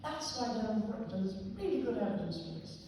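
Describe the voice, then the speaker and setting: A woman giving a public talk on aging to a live audience, explaining emphatically and now and then clearing her throat or coughing. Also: mid-range voice, sing-song, quick pace, mellow, a little hiss or hum. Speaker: lecturer on aging. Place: large warm hall with an audience. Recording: echoey hall, voice from far off.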